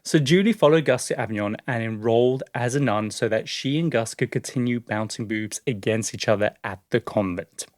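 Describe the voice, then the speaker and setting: A man's voice: medium pitch, a little fast, hardly any pauses, dry recording, studio quality. A man co-hosting a podcast, telling a story in a casual, chatty way with lots of fillers and laughs. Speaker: podcast co-host.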